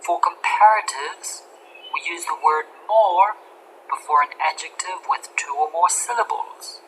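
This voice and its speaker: A woman narrating a scripted English grammar lesson, speaking slowly and deliberately and spelling out letters one by one. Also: on the low side, a bit bright, a little hiss or hum, poor audio.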